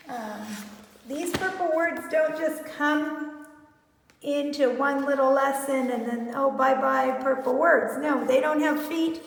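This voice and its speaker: A woman's voice: sits high, lively intonation, slow, vocal fry, a bit bright. A woman teaching a phonics lesson to young children, stretching out sounds as she sounds out words. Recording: echoey room with long reverb.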